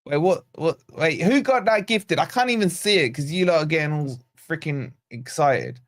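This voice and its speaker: A man from Scotland hosting a live football watch-along, animated and nervous, reading out chat messages and gifts. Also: on the high side, moderate pace. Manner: animated, excitable, reads chat aloud. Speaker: fan channel host.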